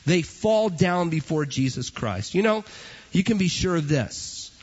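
A man's voice: on the high side, animated, measured pace, darkish tone, husky. A man preaching a sermon emphatically, driving his points home through repetition. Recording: dull lo-fi recording.

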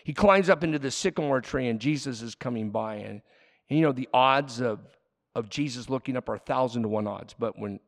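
A man preaching a sermon as a pastor, animated, swinging between loud emphasis and quiet asides. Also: medium pitch, brisk. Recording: long hall reverb.

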